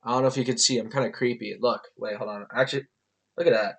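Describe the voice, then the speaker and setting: A young man telling a rambling, animated storytime to his camera in a casual vlog, swearing and laughing as he goes. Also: mid-range voice, fast, creaky. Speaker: vlogger.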